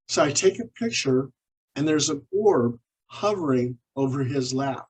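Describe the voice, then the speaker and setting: A man with a mid-range, breathy-edged voice speaks a little slowly over poor audio. He is a paranormal investigator and author, a guest in an interview, sharing animated anecdotes from his cases and acting out the dialogue.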